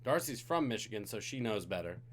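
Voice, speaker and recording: A male trivia host on a live stream, reading questions in a lively, swooping voice. He sounds tired but keeps joking with the chat between questions. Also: on the low side, fairly quick, a little hiss or hum.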